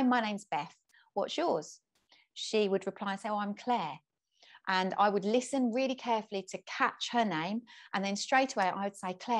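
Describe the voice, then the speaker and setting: A middle-aged woman gives a patient, step-by-step lesson to young people. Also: mid-range voice. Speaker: presenter teaching kids to introduce themselves. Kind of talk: instructional talk to camera.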